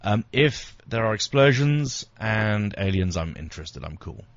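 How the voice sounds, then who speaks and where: Radio co-host, male, lower register, quick jokey delivery, dull dry sound. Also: expressive, dry recording. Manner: quick, joking, reads figures off a screen. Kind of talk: casual chat.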